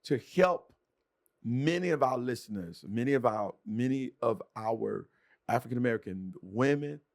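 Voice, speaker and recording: A man's voice: medium pitch, lively intonation, normal speed, creaky. A man hosting a podcast, talking in a fervent, preacher-like cadence with repeated starts. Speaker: podcast host. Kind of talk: passionate conversational commentary.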